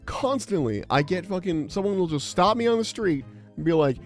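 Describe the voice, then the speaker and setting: A man's voice: on the high side, expressive, moderate pace, faint music behind. A young adult man streaming, chatting casually in a rambling, exasperated, profane way. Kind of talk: casual livestream chat.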